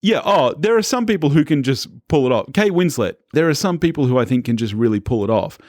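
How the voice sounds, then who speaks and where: Australian man, podcast co-host, lively up-and-down voice, dry close sound, laughs a lot, casual film chat. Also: medium pitch, fast talker, dry recording. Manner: chatty, laughs often, animated.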